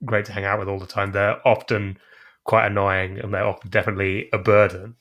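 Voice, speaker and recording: A man co-hosting a casual book podcast, explaining in a measured way. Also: on the low side, flat delivery, a bit bright. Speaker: podcast co-host.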